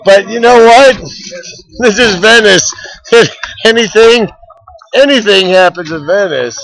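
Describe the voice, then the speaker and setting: A high-pitched man talks in an unhurried drawl as he films outside on a flooded boardwalk. His live commentary is full of exclamations and repeated phrases. The sound comes from a laptop's built-in mic held in his hands. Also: expressive, fairly bright tone, low-quality recording. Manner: exclaiming, laughing, repeating himself. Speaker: street vlogger filming live. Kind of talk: excited live street commentary. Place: outdoors on a flooded beach boardwalk. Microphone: laptop built-in microphone, handheld.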